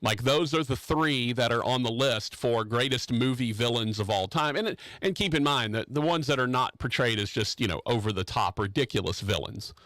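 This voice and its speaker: A man's voice: medium pitch, lively intonation, moderate pace, hardly any pauses, fairly bright tone, no echo. A man hosting a radio talk show from the studio, riffing on a topic in a rambling, joking, opinionated way with plenty of restarts. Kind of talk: casual opinionated radio chat.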